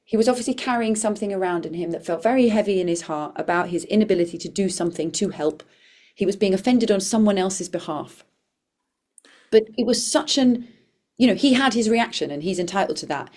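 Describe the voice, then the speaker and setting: A woman's voice: mid-range voice, a little fast, a little mellow. A woman comedian and performer, a podcast guest, telling a story in an earnest, reflective way with frequent restarts. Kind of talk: conversational storytelling.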